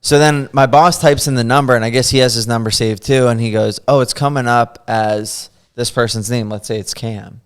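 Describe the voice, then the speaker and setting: A young man telling a funny story on a podcast in casual chat, animated and often laughing as he acts out the quotes. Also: medium pitch, normal speed, few pauses, clear, resonant tone.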